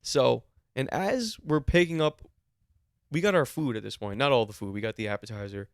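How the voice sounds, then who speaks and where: Co-hosting a podcast, a man recounts a story with casual exasperation and plenty of swearing. His medium-pitched voice is clear and resonant at a moderate pace, recorded in clean studio sound with no echo.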